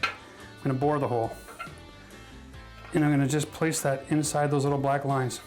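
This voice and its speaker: A man's voice: mid-range voice, flat delivery, normal speed, darkish tone, faint music behind. A man hosting a casual do-it-yourself renovation video, talking through each step in a chatty, self-mocking way and laughing at his own slip-ups. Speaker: DIY renovation host. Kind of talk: casual how-to narration. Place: bathroom under renovation.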